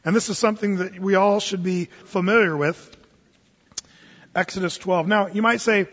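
A high-voiced man preaches a sermon, spinning a funny story with restarts and sudden loud bursts. His voice rings with long reverb through a hall. The sound is dull and muffled. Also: normal speed, slightly rough. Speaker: pastor.

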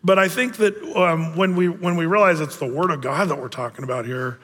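A male pastor teaching a verse-by-verse Bible study in a relaxed, conversational way, with many fillers and self-deprecating humor. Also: a little high, brisk. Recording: long reverb of a big hall.

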